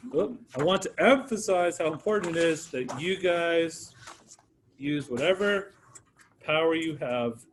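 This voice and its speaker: A man with a slightly raised pitch leads an art lesson. He talks to the class in a loose, encouraging way and calls on students by name. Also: fairly bright tone, a little hiss or hum. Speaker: art teacher. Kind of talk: classroom teaching.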